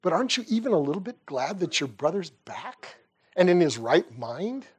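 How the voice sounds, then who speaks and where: A man voicing a patient, loving father in a retold parable, reasoning gently. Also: a little high, sing-song, moderate pace, husky. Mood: gentle.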